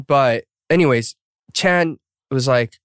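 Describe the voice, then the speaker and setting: A man's voice: mid-range voice, slow, no room sound. Dry-sounding man chatting, full of fillers. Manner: rambling, filler-heavy, laughs at himself. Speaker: podcast host. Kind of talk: casual podcast chat.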